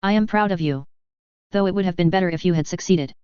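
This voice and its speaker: A woman's voice: on the low side, quick pace, darkish tone, smooth, no echo, lightly acted. A woman reading the lines of a smug, flirty woman, on slightly dull lo-fi audio.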